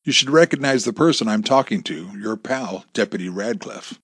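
A man's voice: on the low side, expressive, normal speed, fairly bright tone, slightly rough, no room sound, clean studio sound, heavily acted. A man voicing a cruel, bossy male gunman who barks orders. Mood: smug. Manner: barking, bullying orders. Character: menacing armed male thug, bossy, cruel.

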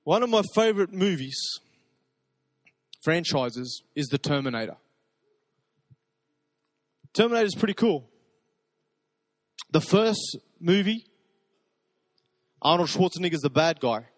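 A man preaching a sermon, telling stories in a conversational way and dropping to soft, intimate repetitions. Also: on the high side, expressive, a little slow, long pauses, no echo. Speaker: pastor.

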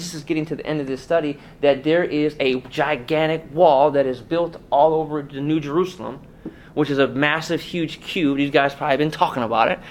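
Man preaching a conversational sermon. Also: a little high. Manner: conversational preaching with rhetorical questions. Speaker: pastor.

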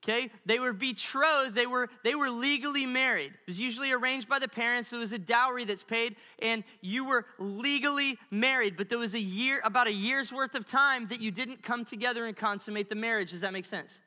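A male pastor preaching a sermon with animated storytelling and playful asides. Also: extremely high pitch, brisk, hardly any pauses. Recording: long reverb of a large hall.

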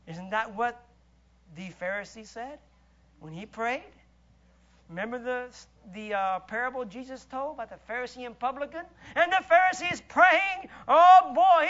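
A preacher with a very high, bright, forceful voice swings emphatically between loud exclamations and hushed asides, with lively intonation at a measured pace. The recording is dull and lo-fi.

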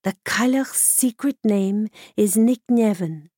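Woman reading wise druid in bird form, calm, steady instructions, dry close sound. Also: medium pitch, takes it slowly, no echo. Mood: instructive.

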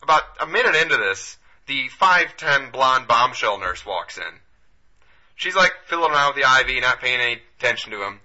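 A man co-hosting a podcast, telling a long story in a laid-back, profane, deadpan way. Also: medium pitch. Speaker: podcast co-host. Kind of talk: casual storytelling chat. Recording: dull lo-fi podcast audio.

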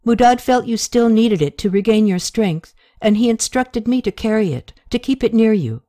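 A woman's voice: on the high side, lively intonation, normal speed, mellow, pitched above the performer's own voice, natural voice. A woman reading a formal, devoted attendant. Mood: earnest. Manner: formal, deferential speech. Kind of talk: audiobook character reading.

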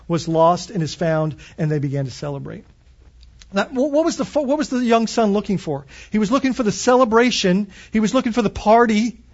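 High-voiced man preaching a sermon. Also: lo-fi sound. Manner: reads scripture aloud, then explains with questions. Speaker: pastor.

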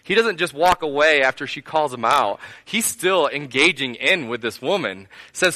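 A man's voice: fairly high pitch, lively intonation, normal speed, hardly any pauses, bright, forceful tone. A man preaching a sermon to his congregation, earnest, building repeated phrases into lists and asking them direct questions. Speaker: pastor.

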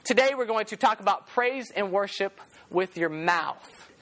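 A woman preaching a sermon to a youth group in a church, telling stories in an animated way and acting out quotes. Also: medium pitch, measured pace.

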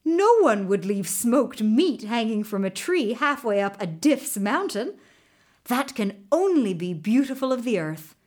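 A woman voicing a loyal male talking horse in a told folktale, speaking slowly and earnestly. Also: fairly high pitch, sing-song, darkish tone. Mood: urgent.

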